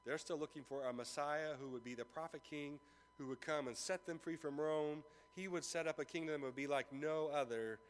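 A man's voice: on the high side, brisk, a little hiss or hum. A man giving a sermon as a pastor, telling a story with acted-out dialogue before turning to scripture. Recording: long reverb of a large room.

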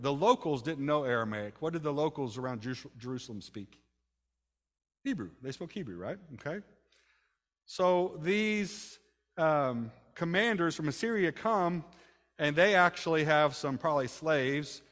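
A pastor with a fairly high, bright-toned voice preaches in a church sanctuary, speaking conversationally and posing rhetorical questions to the congregation. The recording carries a long hall reverb.

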